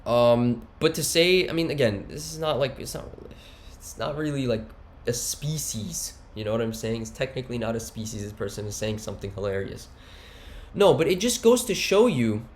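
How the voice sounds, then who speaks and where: A man's voice: on the high side, expressive, normal speed, a little mellow. A man giving a heated one-take monologue, rambling and slangy with many restarts. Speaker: commentator.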